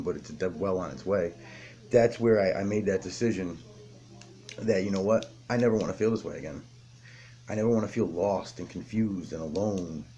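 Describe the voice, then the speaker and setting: Deep-voiced man, blunt recovery story. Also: mellow, a little hiss or hum. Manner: raw, blunt, heavy swearing, halting restarts. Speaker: person in recovery telling his story. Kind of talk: candid personal recovery story.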